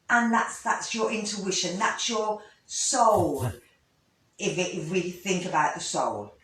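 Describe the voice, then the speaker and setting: A woman, a yoga teacher gently guiding a breathing lesson, with pauses and restarts. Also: mid-range voice. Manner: gentle, instructive, with fillers and restarts. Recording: echoey room, voice from a distance.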